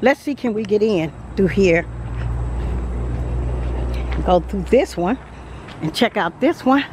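A woman's voice: mid-range voice, animated, slow, noisy background. A Southern American woman giving a chatty home-tour vlog, talking straight to her viewers with frequent laughs, filmed on a handheld camera inside a show home. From Mississippi, USA. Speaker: vlogger. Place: indoors in show manufactured homes. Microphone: handheld phone camera, later a small tripod.

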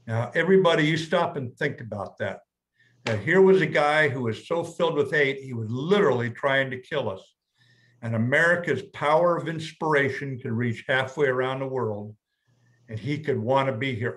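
An older American man telling a measured, plainspoken story as guest speaker, with frequent restarts. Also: medium pitch, fairly bright tone. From United States. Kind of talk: storytelling talk.

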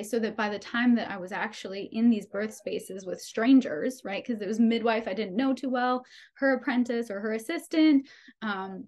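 A young adult woman, a podcast guest, telling a personal birth story with animated delivery, often laughing and acting out dialogue. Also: a little high.

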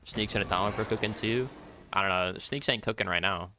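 A man's voice: fairly low pitch, brisk, background noise. A young man streaming his gameplay, chatting casually with viewers, joking and swearing as he plays. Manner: profane, joking, excitable.

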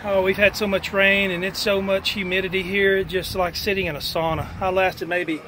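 Man, high-pitched, chatty and out of breath, outdoor vlog with light background noise. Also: level tone, moderate pace, pushed and bright. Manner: folksy, chatty, many fillers. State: out of breath and overheated. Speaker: metal detecting vlogger and preacher. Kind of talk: casual outdoor vlog narration. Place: outdoors in a church back lot.

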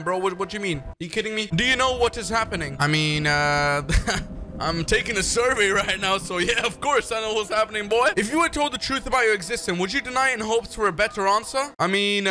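A man doing excitable, joking let's-play commentary on a horror game from his bedroom gaming setup. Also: sits high. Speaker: gaming YouTuber.

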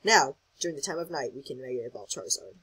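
An excitable host rambles through casual gameplay commentary, thinking out loud and reacting as things happen in the game. The voice sits at a middling pitch with a husky, breathy edge. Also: quick pace, poor audio. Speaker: gaming channel host.

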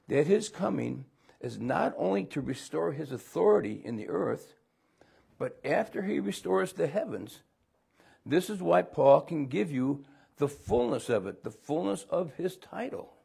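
A man's voice: fairly high pitch, big pitch swings, unhurried, creaky, mellow, breathy edge. A middle-aged man teaching a conversational Bible lesson, rambling with folksy asides and restarts.

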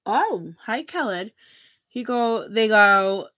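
A woman's voice: medium pitch, expressive, measured pace, pauses often, no room sound, clean studio sound. A middle-aged woman hosting a free tarot reading livestream, chatting casually, giggling often and reading viewer comments aloud.

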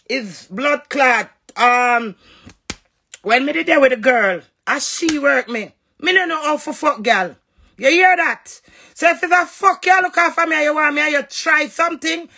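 A woman's voice: sits high, vocal fry, sharp tone. A woman with a Jamaican accent, cussing and scolding in a confrontational livestream rant. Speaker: social media livestreamer.

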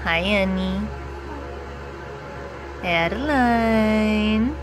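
A woman filming her babies at home on a handheld phone, talking in a gentle, coaxing, sing-song baby voice. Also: medium pitch, very slow, music in the background. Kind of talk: home video baby talk. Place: family home.

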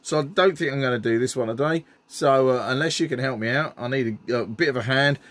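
Speaking fast in a medium, slightly bright voice, a middle-aged scenery builder eagerly shows off his hobby creations. His casual show-and-tell talk is sprinkled with frequent ums.

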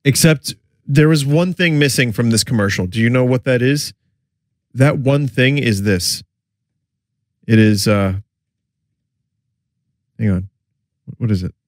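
A man's voice: medium pitch, a little slow, long pauses, dry recording. Brief: sick male streamer with wry asides, dry close mic. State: sick, voice affected. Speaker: streamer reacting to commercials. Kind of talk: casual live commentary.

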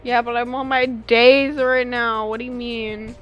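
A woman's voice: fairly high pitch, unhurried. A young woman streaming a game, chatting casually and jokingly with her viewers. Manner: animated, joking, talks to chat. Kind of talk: casual gaming livestream chat. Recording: faint game music behind.

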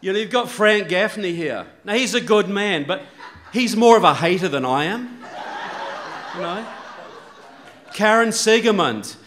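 A man addressing a conference audience in a fairly high voice. He complains in a mock-wounded, sarcastic deadpan, building his grievance for comic effect. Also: measured pace, pauses often, a little hiss or hum. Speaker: conference speaker. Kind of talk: public speech at a conference.

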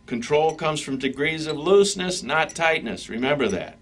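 A man teaching drum stick technique in a relaxed, conversational way, talking straight to his students between demonstrations. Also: a little high, moderate pace. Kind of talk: instructional demonstration. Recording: practice pad clicks and noise behind.

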